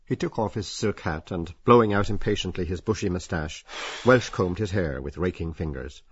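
A man narrating a novel as an audiobook, measured and expressive. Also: sits low, breathy edge. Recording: dull lo-fi.

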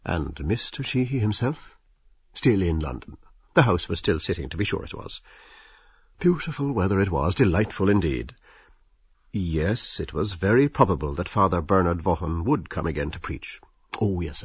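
A man narrating a literary audiobook in a measured, wry and expressive storytelling manner. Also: sits low, breathy edge, dry recording, dull audio.

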